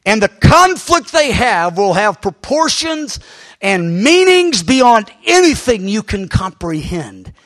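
Guy putting on a little old lady prophesying, high voice, slow and solemn. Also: big pitch swings, a bit bright, heavily acted. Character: frail elderly woman prophesying with authority.

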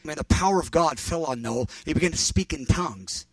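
A man preaching, telling a story in an animated, rambling way and correcting himself as he goes. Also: a little high, a little fast, no echo, distant mic, faint music behind. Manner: rambling, animated, self-correcting with fillers and restarts. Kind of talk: sermon storytelling.

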